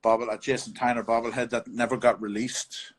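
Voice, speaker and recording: A man with a New York accent, a bar owner, chatting over a video call and telling stories in a halting way with many restarts. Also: medium pitch, little pitch movement. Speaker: interview guest, bar owner. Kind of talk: casual storytelling chat.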